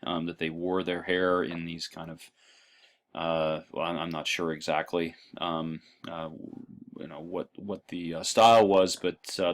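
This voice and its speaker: A man lecturing to a history class in a very low voice. He loses his thread often, filling gaps with um and uh, and his throat sounds dry. The delivery is relaxed and conversational. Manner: halting, lots of ums and uhs.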